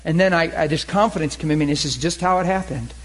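A man preaches a sermon built around storytelling, speaking conversationally and growing animated until he laughs and shouts at the high points. His pitch is fairly high, he talks fast, and the audio quality is poor.

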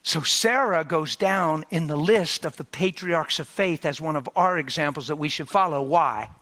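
A man preaching a sermon, animated and dramatic, swinging from loud bursts to hushed near-whispers as he acts out the people in his story. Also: a little high, moderate pace.

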